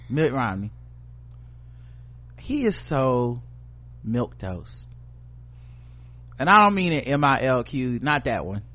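A man co-hosting a casual podcast chat, swearing freely and slipping into mocking voices. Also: medium pitch. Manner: profane, animated, does mocking voices. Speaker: podcast co-host.

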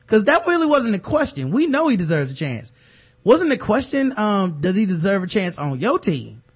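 A man with a slightly high voice in loose sports talk, lively and profane. He keeps breaking into mocking voices, and his delivery stays quick and loose throughout. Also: breathy edge. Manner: animated, profane, mocking impressions. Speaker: podcast co-host.

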